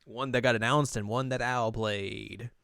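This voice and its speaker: A man hosting a casual podcast, chatty and quick to laugh. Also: mid-range voice, gravelly, no echo, studio quality. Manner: chatty, laughs often, speeds up when excited. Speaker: podcast host.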